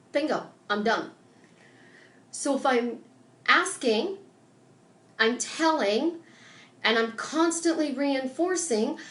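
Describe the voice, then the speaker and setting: A woman life coach giving an emphatic, animated motivational talk on a live stream, acting out little conversations as she goes. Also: on the high side, reverberant.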